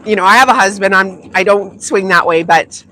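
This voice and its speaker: A woman's voice: medium pitch, a little fast, sharp tone, a little hiss or hum. A woman hosting a sewing livestream, chatting casually with viewers and laughing often. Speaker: sewing channel host.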